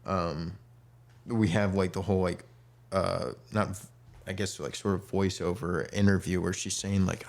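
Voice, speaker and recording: A young man talks in a deep voice with a gravelly edge. He rambles casually and is full of "like" and "um" as he recaps for his co-host. He slips into quoted voices now and then. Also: fairly even intonation, moderate pace, a little mellow. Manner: rambling, many fillers, acts out quotes. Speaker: podcast co-host. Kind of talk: casual chat.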